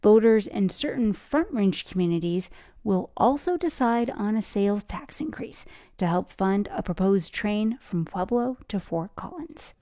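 A woman reporter reading a scripted news report in a steady, informative way. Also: mid-range voice, a little slow, no echo, clean studio sound.

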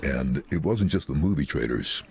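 A voiceover artist, a man, telling lively stories in a casual interview and acting out the voices of people he met. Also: normal speed. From London. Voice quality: very deep, husky voice. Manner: animated storyteller acting out quoted voices.

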